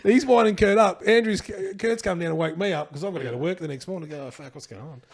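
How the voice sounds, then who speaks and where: A man's voice: a little high, fast, vocal fry. A middle-aged man, telling a rambling story in casual chat and repeating himself as he goes. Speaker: guest, host's father.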